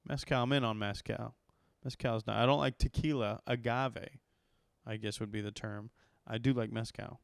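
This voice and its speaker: Smooth-voiced, profane comedian rambling. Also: male voice, medium pitch, no room sound. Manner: rambling, profane, gets worked up. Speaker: comedian podcast host. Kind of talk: casual storytelling monologue.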